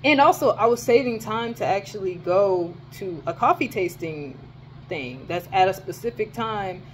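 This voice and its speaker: A young woman telling a rant in a casual vlog from her dorm, animated and profane, her voice jumping high when she exclaims. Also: normal speed, slight background noise. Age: young adult. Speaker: vlogger.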